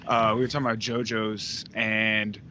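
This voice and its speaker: A man's voice: fairly low pitch, flat delivery, normal speed, bright, forceful tone, slight background noise. A man hosting a casual podcast chat, rambling with lots of fillers and laughing often. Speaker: podcast host.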